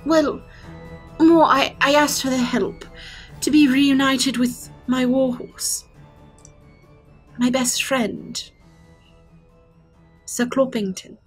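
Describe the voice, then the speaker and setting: A cursed centaur woman, once human, who stammers and apologizes her way through each sentence, as a woman puts her on. Her voice sits a little high, with soft fantasy music underneath. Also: steady tone, slow, pauses often. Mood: anxious, halting.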